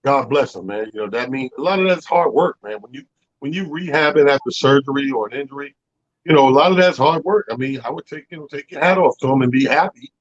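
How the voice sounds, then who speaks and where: A man co-hosting a casual sports talk show, giving relaxed, folksy takes with little stories. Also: medium pitch, dry recording. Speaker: co-host. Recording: dull, dry sound.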